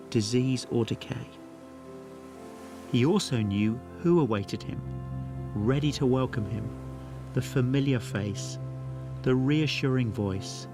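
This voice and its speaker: A man, a pastor, giving a scripted Bible teaching talk in an earnest, measured way with dramatic pauses. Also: medium pitch, vocal fry.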